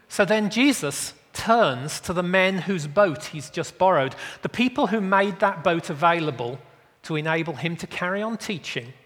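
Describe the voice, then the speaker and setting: A man preaching in a measured, emphatic way, his voice sitting a little high. He speaks very slowly, and a long hall reverb trails each phrase. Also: fairly bright tone. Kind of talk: sermon.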